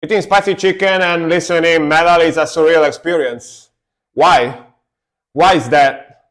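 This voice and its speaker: A man's voice: a little high, steady tone, unhurried, fairly bright tone. A man streaming live, reacting to metal music in casual commentary and humming along to riffs. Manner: chatty, scats along to the music.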